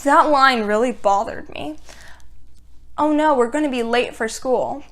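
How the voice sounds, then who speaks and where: A woman's voice: sits high, fairly bright tone. A young woman giving a casual TV review, recapping scenes in a sarcastic, exasperated way with lots of "like.".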